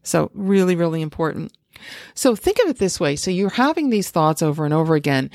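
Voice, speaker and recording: A woman's voice: medium pitch, no echo, clean studio sound. A woman hosting a podcast who gives casual advice and often checks in with "right?". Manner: conversational, often asks "right?". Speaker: podcast host and coach. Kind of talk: casual instructional talk.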